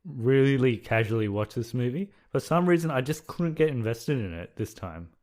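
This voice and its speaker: A man's voice: mid-range voice, expressive, moderate pace, a little mellow. A man co-hosting a podcast, talking hesitantly and restarting sentences as he thinks aloud. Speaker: podcast co-host. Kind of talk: casual chat.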